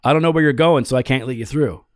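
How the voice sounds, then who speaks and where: Gruff, irritated cop barking short orders, as a man puts him on. Quick and clipped, recorded close and dry. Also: medium pitch, no room sound, close to an everyday voice. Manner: curt, bossy orders. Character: gruff irritated male police officer.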